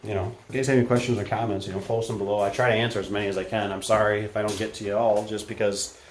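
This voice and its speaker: A man's voice: fairly low pitch, level tone, rapid-fire. A man with a Midwestern American accent, a garage door technician talking his way through a job in a casual, rambling vlog style full of fillers and self-corrections, soaked from the rain. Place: indoors in a shed, then outdoors in the rain. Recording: echoey space with faint ambient noise.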